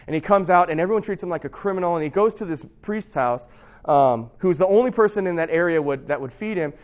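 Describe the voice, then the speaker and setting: Young male preacher, fairly high voice, conversational sermon, swings loud and hushed. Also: fast. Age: young adult. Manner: animated storytelling, drops to a hush for drama; conversational, addresses audience directly.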